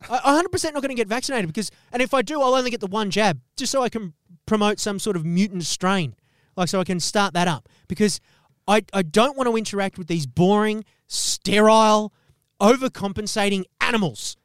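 A man's voice: sits high, a little fast, a bit bright, clean tone, dry recording, studio quality. A man co-hosting a podcast, delivering an exaggerated, profane comedic rant with bursts of laughter. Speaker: podcast co-host.

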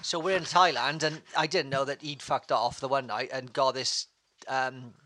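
Guy telling crude stories, bright voice, swears a lot. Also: mid-range voice, moderate pace. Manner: swearing, animated storytelling. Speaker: guest storyteller. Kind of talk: casual chat.

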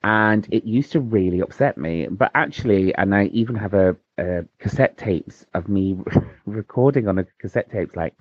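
A man with a very deep voice tells a self-deprecating story in relaxed podcast chat. The sound is dry and a bit muffled. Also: normal speed, no room sound.

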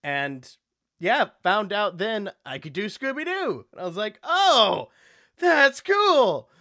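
A man who is a voice actor, a guest in a casual interview, telling animated stories and slipping into character voices. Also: high-pitched, unhurried, no room sound, studio quality.

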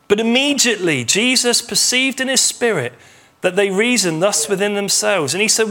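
A man preaching a sermon as pastor, retelling a story with lively acted-out dialogue. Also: high-pitched, normal speed. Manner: animated storytelling, acts out imagined dialogue.

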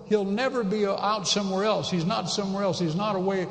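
A man's voice: sits high, lively intonation, moderate pace. A pastor giving a conversational sermon, emphatic and repeating his key phrases. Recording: echoey hall with long reverb.

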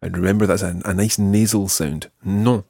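A man teaching a French lesson, patiently modelling each phrase slowly and clearly for a learner. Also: low-pitched, fairly even intonation, dark tone, no echo, clean studio sound.

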